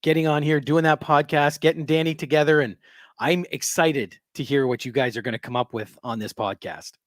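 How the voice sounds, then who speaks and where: A man's voice: a little high, a little fast, dry recording. A man hosts a live stream and chats in a friendly, easygoing tone. The sound is dry and close. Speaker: show host. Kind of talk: casual live-stream chat.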